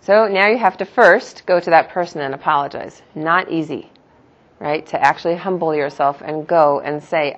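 Animated woman teaching a lesson. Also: deep voice, normal speed, dull audio. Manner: animated, emphatic, rhetorical questions. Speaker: religious teacher. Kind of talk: spoken lesson.

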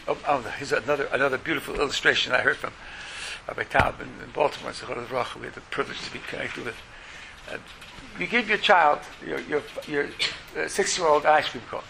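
A man teaching a lecture as a religious teacher, in an animated way that acts out quotes in lively voices. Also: fairly high pitch, gravelly, background noise.

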